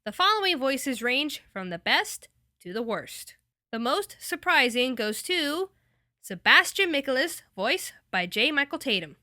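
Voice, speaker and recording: An enthusiastic woman chats through an anime review in a high, lively, bright voice. The sound is dry and close. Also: measured pace, no room sound. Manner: enthusiastic and chatty. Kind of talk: casual review.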